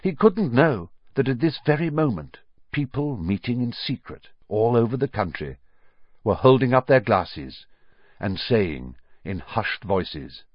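A man narrates a storybook in an expressive, measured way. His low voice is husky and moves widely in pitch. The recording is dry and slightly dull. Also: no echo. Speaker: audiobook narrator.

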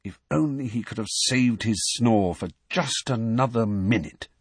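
A man narrating an audiobook in an expressive storytelling manner. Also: medium pitch, unhurried, husky, no room sound, clean studio sound. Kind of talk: scripted narration.

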